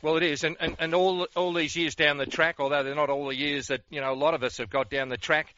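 Bright-voiced Australian radio host. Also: male voice, a little high, fairly even intonation, fast. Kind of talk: interview. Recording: dry, dull lo-fi sound.

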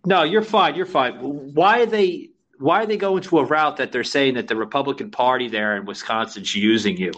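A podcast co-host from Florida, a man who talks frankly and casually, with plenty of "uh"s as he gets his thoughts out. His voice sits at an ordinary mid pitch. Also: moderate pace, few pauses, a bit bright, lo-fi sound. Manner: frank, conversational, many fillers. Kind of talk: political podcast talk.

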